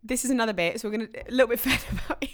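A woman's voice: a little high, rapid-fire. A woman hosting a podcast, telling a story in casual, sweary chat, a little tipsy from wine. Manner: animated, sweary storytelling with lively rants.

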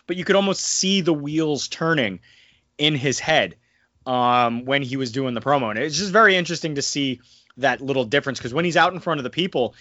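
A man co-hosting a casual wrestling recap podcast, talking animatedly and slipping into excited impressions now and then. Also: mid-range voice, brisk, no room sound, muffled recording. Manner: animated, breaks into excited mimicry. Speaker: podcast co-host.

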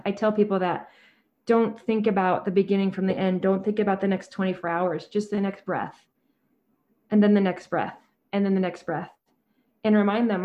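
A woman in her forties, a therapist talking calmly and earnestly, often acting out her own conversations. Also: mid-range voice, moderate pace, dull audio. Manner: calm, soft-spoken, quotes herself in dialogue. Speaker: therapist and guest.

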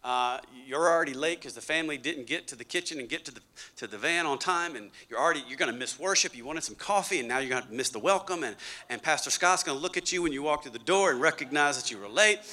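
A male pastor preaching a sermon, swinging between loud bursts and hushed asides. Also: on the high side, lively intonation, quick pace.

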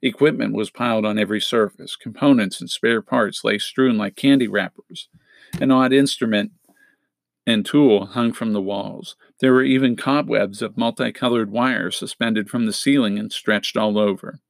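Male first-person audiobook narrator, steady and wry, dry close-mic sound. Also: on the low side, moderate pace, creaky, no echo.

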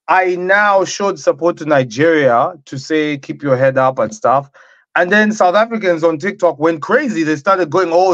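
A slightly high-voiced man chatting loosely with friends, rambling through a story with plenty of "you know" and "uh". The sound is dead dry and a little muffled. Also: no echo. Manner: relaxed, chatty storytelling with fillers. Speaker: podcast co-host. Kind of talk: casual banter.

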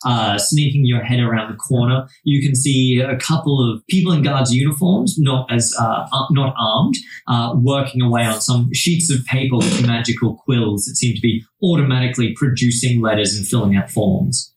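A man's voice: mid-range voice, moderate pace, few pauses. Man running a tabletop game, roomy sound. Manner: relaxed, hesitant narration with many fillers and restarts. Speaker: game master. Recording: roomy, distant mic.

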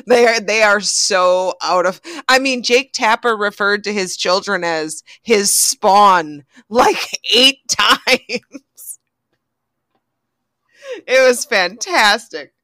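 A woman making wry comments in a relaxed group chat. She talks very slowly in a bright, crisp voice, recorded dry and close. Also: medium pitch, no room sound.

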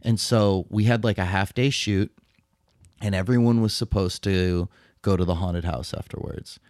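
A lower-pitched man swaps stories in a casual podcast chat, cursing freely and getting animated as he talks. His voice sits on the low side and sounds dry and close to the mic. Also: normal speed, no echo. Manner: animated, swears, laughs while telling stories. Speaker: podcast co-host.

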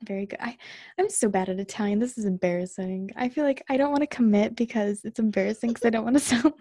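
A woman's voice: a little high, quick pace, dark tone, no echo, studio quality. A woman in her twenties co-hosting a podcast in casual chat, talkative and self-deprecating, recorded at home. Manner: chatty, self-deprecating, giggly. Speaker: podcast co-host. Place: home room, fan running.

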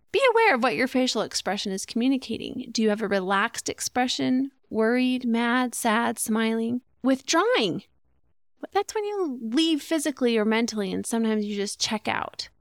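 A woman's voice: fairly high pitch, animated, moderate pace, vocal fry, no echo, clean studio sound. A middle-aged woman hosting a solo podcast, explaining ideas conversationally and asking rhetorical questions. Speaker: podcast host.

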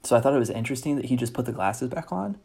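A man's voice: mid-range voice, expressive, racing, creaky, mellow, husky. A man casually recapping a movie, enthusiastic and rambling, with lots of fillers. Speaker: movie reviewer.

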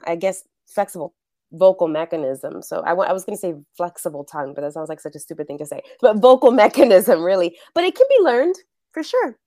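Woman, middle-aged, actress and acting teacher, lively chat, frequent laughs, dry close recording. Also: on the low side, brisk, dry recording. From The Bronx, New York. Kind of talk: casual interview chat.

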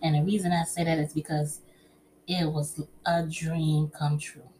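Speaking a bit slowly in a low voice, a middle-aged woman tells her audience personal stories and gives relationship advice with lively, talkative warmth, calling them honey and child. There's a faint hiss or hum.

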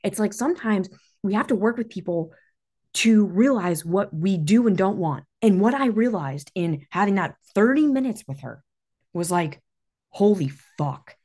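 Her mid-range voice is mellow and slightly rough, with lively intonation at a normal speed. The woman, a business coach and podcast host, runs a solo motivational talk, emphatic and intense, cursing freely as emotion makes her voice shake.

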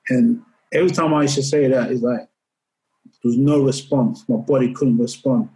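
A man's voice: medium pitch, fairly even intonation, moderate pace, dark tone, rough recording. A middle-aged man, a podcast guest, tells a personal story in earnest and often repeats words as he recalls it. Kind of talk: candid interview storytelling.

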